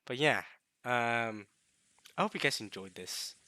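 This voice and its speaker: Young male let's play host: worn-out, strained voice with a sharp bright edge, halting casual delivery. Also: medium pitch, lively intonation, dry recording. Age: young adult. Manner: rambling, halting, with coughs and throat-clearing. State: tired, strained voice. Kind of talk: casual late-night let's play commentary.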